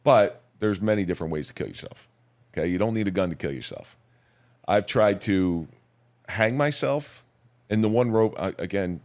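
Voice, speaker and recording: Brief: middle-aged man, very low voice, measured and somber storytelling, plain-spoken guest. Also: darkish tone. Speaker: podcast guest, police officer. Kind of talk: personal storytelling in a podcast interview.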